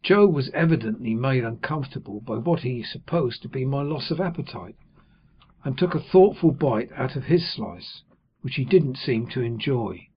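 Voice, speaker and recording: A man reading a novel aloud as an audiobook narrator, in a measured, even storytelling manner. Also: mid-range voice, slightly rough, highs cut off. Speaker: audiobook reader. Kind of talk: scripted narration.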